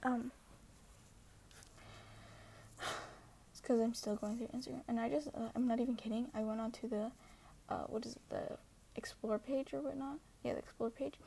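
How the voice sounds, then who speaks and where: Soft, gravelly teenage girl vlogging. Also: fairly high pitch, fairly even intonation, moderate pace, pauses often, slight background noise. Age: teens. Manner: earnest and hesitant, many fillers, often half-whispered. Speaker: social media poster. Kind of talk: casual vlog monologue.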